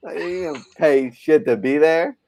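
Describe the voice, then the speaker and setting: A man chatting on a podcast as a comic book artist, telling profane, animated stories. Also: a little high, slow pace, lo-fi sound. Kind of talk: casual podcast chat.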